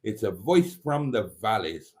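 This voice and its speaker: A man's voice: lowish voice, sing-song, unhurried, slight background noise, low-quality recording. A man hosting a live stream, chatting and telling rambling stories with laughs and teasing asides. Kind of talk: casual chat and storytelling.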